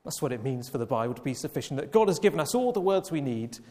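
Slow emphatic preacher in an echoing hall. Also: male voice, mid-range voice, big pitch swings, mellow. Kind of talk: sermon. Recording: long reverb of a church hall.

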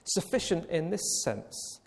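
A man preaching a Sunday evening sermon, slow and emphatic, with long pauses. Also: a little high, sing-song. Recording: long reverb of a church hall.

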